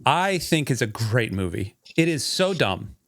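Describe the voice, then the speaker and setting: A man's voice: medium pitch, big pitch swings, unhurried, fairly bright tone, no room sound, studio quality. A man co-hosting a podcast, chatting casually, asking easygoing questions and giving short agreements. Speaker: podcast co-host. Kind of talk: casual chat.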